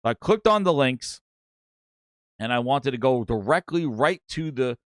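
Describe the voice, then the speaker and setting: A man's voice: mid-range voice, moderate pace, no echo, clean studio sound. A middle-aged man with a New York accent hosting a casual gaming livestream, hyping and thanking viewers and telling rambling stories. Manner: excitable, hypes and thanks viewers, rambling storytelling. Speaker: gaming show host.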